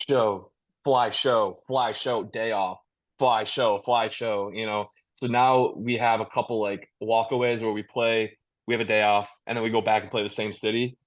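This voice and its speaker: A low-voiced man chatting in a relaxed, rambling way, often restarting his sentences and laughing easily. He sounds like a touring musician speaking from a video call. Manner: laid-back, rambling with many restarts and laughs. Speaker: touring metal band musician, guest. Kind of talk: casual interview chat.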